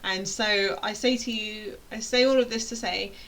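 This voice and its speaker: A woman's voice: medium pitch, fairly even intonation, normal speed, fairly bright tone, poor audio. A British woman teaching an online course, talking casually in a rambling, playful way that keeps interrupting itself. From United Kingdom. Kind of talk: casual chatty explainer.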